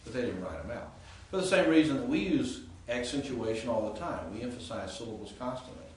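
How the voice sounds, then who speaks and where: A male instructor gives a Greek grammar lecture, speaking briskly at medium pitch with lively intonation and a darkish tone. He peppers his explanations with fillers and questions for the class, captured by a distant mic in an echoey room.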